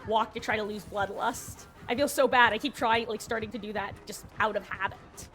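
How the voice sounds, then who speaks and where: A woman's voice: mid-range voice, steady tone, normal speed, a bit bright, soft background music. A woman streaming a multiplayer game, chatting casually with viewers and teammates and laughing often. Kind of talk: casual gameplay commentary.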